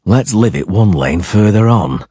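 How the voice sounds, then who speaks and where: A man voicing a gruff, dry-witted monster hunter, speaking low and terse, a little deeper than his own voice. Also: lively intonation, measured pace, dark tone, no echo. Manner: low, terse, dryly sarcastic.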